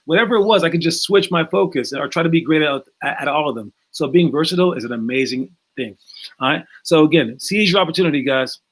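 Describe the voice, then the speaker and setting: A man with a fairly high voice talks casually to young basketball players as their coach. He is energetic and loose, with plenty of fillers and repeated words. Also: quick pace. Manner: energetic, acts out movie scenes in raised voices.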